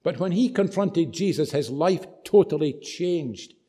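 A male preacher delivering a sermon with animated, dramatic storytelling. His voice sits a little higher than most men's, and he leans hard into his emphasis. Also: unhurried, slightly rough.

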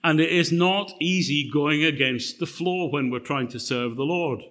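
Bright-voiced man preaching a sermon. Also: fairly high pitch. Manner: conversational, halting with fillers and restarts. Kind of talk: sermon with personal story.

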